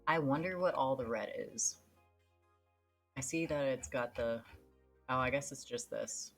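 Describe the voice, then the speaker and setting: A woman's voice: extremely low pitch, measured pace, faint music behind. A woman streamer giving casual, offhand commentary while playing a game.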